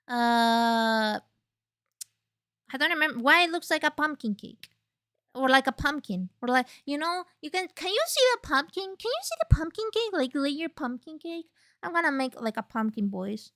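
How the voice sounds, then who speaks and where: A woman streamer whose first language is Spanish, chatting excitably over a game, swearing and leaping up in pitch. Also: normal speed, creaky, no echo, clean studio sound. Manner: excitable, jumps high in pitch, swears, laughs. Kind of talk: live game stream chat, reading dialogue aloud.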